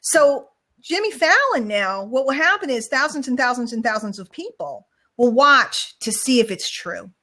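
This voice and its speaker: A woman's voice: sits high, animated, sharp tone. Chatty woman hosting an online show. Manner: chatty, rambling, quick storyteller. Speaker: show host. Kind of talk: casual online show chat.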